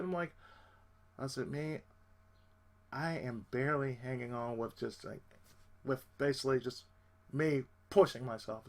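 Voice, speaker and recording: A man hosting his channel, telling a personal story as a casual rant. He is animated and exasperated and swears freely. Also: high voice.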